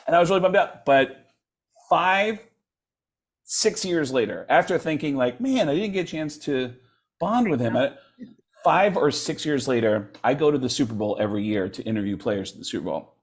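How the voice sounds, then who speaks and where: Animated male comedian telling stories. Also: medium pitch, moderate pace. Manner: lively, acts out voices of people in his stories. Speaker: comedian guest. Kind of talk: animated storytelling in an interview.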